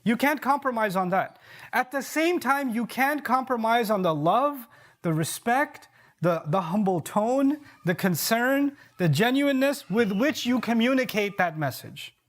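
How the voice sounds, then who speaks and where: Man, preacher, sermon, high voice, rhetorical questions, repeats key points. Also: animated, a bit bright. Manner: recites Arabic verses quickly. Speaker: preacher giving a Friday sermon.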